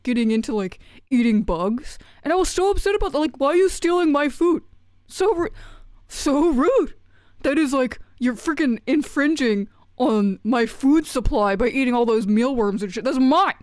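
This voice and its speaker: A woman puts on a greedy little male frog who grumbles and whines in a huffy way about anyone touching his bugs. His voice sits fairly high and the sound is close and dry. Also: a little mellow, dry recording. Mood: indignant. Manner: whiny, huffy complaining. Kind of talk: streamer doing a character voice.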